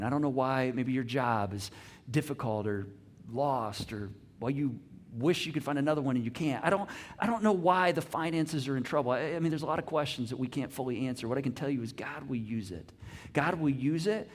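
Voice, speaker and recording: A middle-aged man preaching a sermon as pastor, animated, swinging from loud emphasis to soft hushed lines and asking the congregation questions. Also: mid-range voice. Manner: repeats words on restarts, asks the congregation questions.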